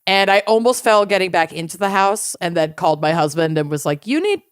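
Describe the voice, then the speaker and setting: A woman's voice: on the low side, fairly even intonation, a little fast, clean tone, dry recording, clean studio sound. A woman co-hosting a podcast, chatting casually and enthusiastically with her friend. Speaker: podcast co-host. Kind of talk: casual chat.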